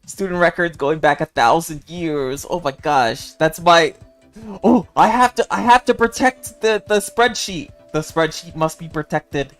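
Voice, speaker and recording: Playful young male streamer, cat-boy persona, unhurried delivery, faint music bed. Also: a little high, fairly bright tone. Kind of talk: casual livestream chat.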